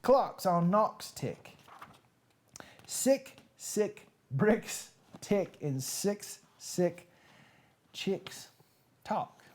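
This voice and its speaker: A woman's voice: medium pitch, very animated, drawn-out words, long pauses, a little mellow. A woman voicing a pushy male fox who sets tongue twisters, in a put-on Southern US accent and a coaxing sing-song.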